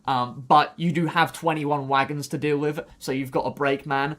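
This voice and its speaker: A man streams a game live, his fairly high, slightly bright voice holding little pitch movement at a normal speed. Tired and exasperated, he rambles through step-by-step directions to his teammates in live gameplay commentary.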